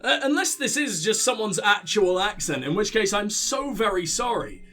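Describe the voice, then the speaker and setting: A man's voice: high voice, animated, normal speed, bright, forceful tone, soft background music. A sick man with a headset, mocking the game in sweary let's play commentary and laughing at his own jokes. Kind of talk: casual gameplay commentary.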